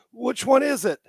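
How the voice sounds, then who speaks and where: A man's voice: extremely high pitch, vocal fry, husky, no room sound. A man co-hosting a casual show, reacting with laughing disbelief while watching football film. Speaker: co-host.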